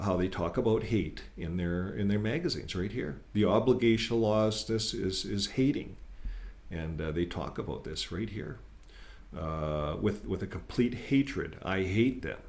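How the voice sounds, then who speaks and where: Deep, creaky and a little mellow, this channel host's voice carries casual, earnest commentary on the articles he reads. He's critical, repeats himself and uses fillers a lot, and he gets more emphatic when quoting.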